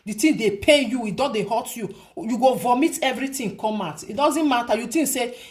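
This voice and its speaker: A woman's voice: fairly high pitch, a little fast. A woman with a Nigerian accent giving casual commentary to her viewers, emphatic, repeating her points and asking rhetorical questions. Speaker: vlogger.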